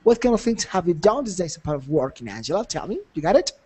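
A man's voice: high-pitched, sing-song, quick pace, dark tone, breathy edge. A man teaching an English conversation class, encouraging and repetitive, laughing often.

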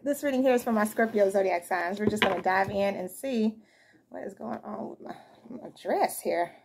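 A woman's voice: medium pitch, normal speed, creaky, noisy background. Chatty woman doing a casual tarot reading. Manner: chatty, slangy, addresses viewers as y'all and fam. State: just woke up, yawning. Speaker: tarot reader.

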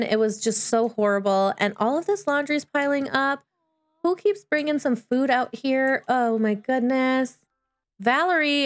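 Bubbly high-voiced woman gaming. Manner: bubbly, chatty, excitable with sudden squeals. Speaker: gaming YouTuber. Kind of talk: Let's Play commentary.

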